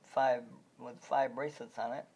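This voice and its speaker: A man making a casual home video about video games, talking in a halting, repetitive way with many restarts. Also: mid-range voice, fairly even intonation, darkish tone. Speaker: video game vlogger. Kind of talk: rambling home video chat.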